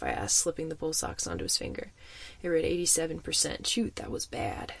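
A man narrating a first-person audiobook story in an expressive, suspenseful manner. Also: on the high side, brisk, gravelly, husky.

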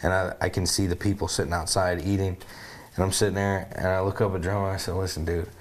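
A very deep-voiced American man tells stories in casual podcast chat. He rambles, goes animated and keeps checking in with his listeners. A faint hiss runs under the recording. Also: fast talker. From United States. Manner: animated, rambling, full of "you know what I mean". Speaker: podcast co-host.

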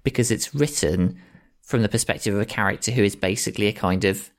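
A man's voice: lowish voice, fast talker. A man chatting as a podcast guest, rambling and correcting himself as he recommends favourites. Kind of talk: casual chat.

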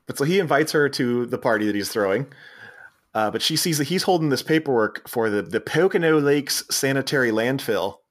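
Speaking a little fast with an expressive, somewhat bright mid-range voice, he retells a movie's story on the casual podcast he co-hosts. The Philly accent is clear, and he rambles, laughs, and keeps backing up to begin again.

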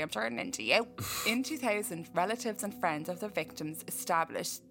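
A woman's voice: medium pitch, expressive, normal speed, creaky, a bit bright. Irish woman co-host, casual storyteller, reads notes and riffs, faint music behind. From Ireland. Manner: reads case notes then riffs with jokes. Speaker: podcast co-host.

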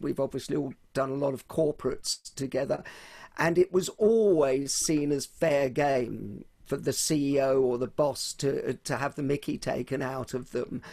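A man's voice: mid-range voice, moderate pace, creaky, a little mellow. A man hosting an interview, reflecting and asking questions in a conversational way. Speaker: podcast host.

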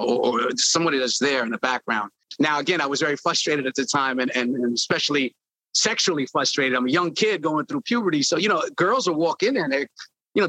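A man's voice: on the high side, sharp tone, husky, no room sound, rough recording. A man in an interview, a former label intern telling stories animatedly and acting out quotes. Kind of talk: storytelling interview.

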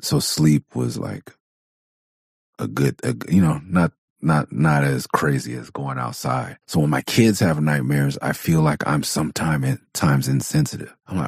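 A man's rumbling low voice comes through unhurried, with vocal fry and a breathy edge, in clean studio sound without echo. He's an adult father of four from Southern California hosting his own podcast, delivering a casual monologue that's blunt, profane, and candid, with frequent laughter.

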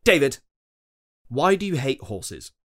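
A man's voice: medium pitch, very animated, measured pace, a bit bright. A man hosting a podcast in casual chat, upbeat and chatty as he reads out listener questions. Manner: upbeat, chatty, many fillers. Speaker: podcast host.

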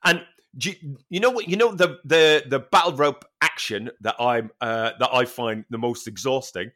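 Man, podcast co-host, bright ringing voice, animated storyteller, swears a lot. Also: mid-range voice, normal speed. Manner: animated, swearing storyteller who laughs often. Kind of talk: casual chat.

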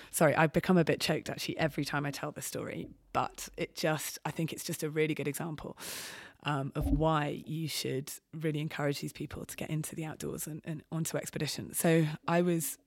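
A woman's voice: deep voice, fairly even intonation, fairly quick, no room sound, clean studio sound. A woman expedition medic candidly tells a personal story as a podcast guest, hesitant and full of restarts. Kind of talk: candid anecdote in conversation.

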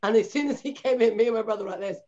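A woman co-hosting a podcast in casual panel chat, telling stories with lively, quick asides. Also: on the high side, highs cut off. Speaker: podcast co-host.

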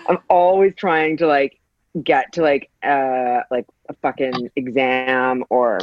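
A woman's voice: extremely low pitch, fairly even intonation, slow pace, no room sound. Woman in casual podcast chat, blunt and profane; dry, muffled recording. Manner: blunt, swears freely. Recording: dry, dull lo-fi sound.

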